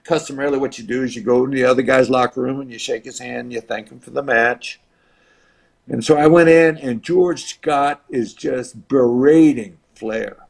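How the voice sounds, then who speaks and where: A man in his seventies from the United States, a retired wrestler telling an animated anecdote as an interview guest. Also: medium pitch, moderate pace, gravelly. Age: 70s. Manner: animated, acts out quoted voices and crowd noise. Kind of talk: storytelling anecdote.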